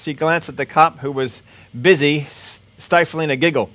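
A man reading a story aloud as part of a sermon, steady and plain, with now and then a small slip. His voice sits a little higher than most men's. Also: moderate pace, dry recording. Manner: steady storytelling, occasional slips. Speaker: preacher.

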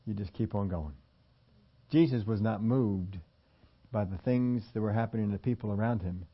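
A man's voice: fairly low pitch, moderate pace, muffled recording. A man preaching a sermon in a conversational way, slipping into the voices of the people he quotes. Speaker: pastor.

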